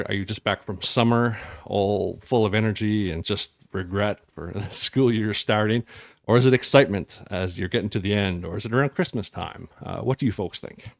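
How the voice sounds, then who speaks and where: A man's voice: lowish voice, creaky, dry recording, studio quality. A man running a tabletop game as game master, asking his players easygoing questions.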